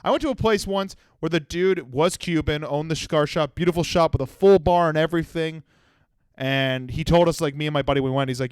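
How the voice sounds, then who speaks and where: A man in his twenties holds forth on his own comedy podcast, rambling through stories and swearing freely. His voice sits a little high for a man and comes through smooth and clear. The sound is dry and close, with no room echo. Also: brisk. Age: 20s. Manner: profane, rambling storytelling. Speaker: podcast host. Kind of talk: solo comedy podcast monologue.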